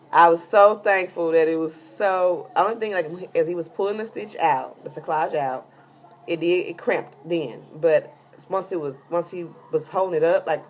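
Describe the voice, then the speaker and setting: A woman's voice: fairly low pitch, a little hiss or hum. A heavily pregnant woman telling a rambling, casual story in a vlog, full of fillers. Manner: chatty, rambling with many fillers. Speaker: vlogger giving a pregnancy update.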